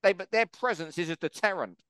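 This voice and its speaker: Male host, slightly higher voice, smooth and clear, dry close sound, emphatic. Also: a little fast, fairly bright tone, dry recording. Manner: emphatic, opinionated. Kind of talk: boxing talk show discussion.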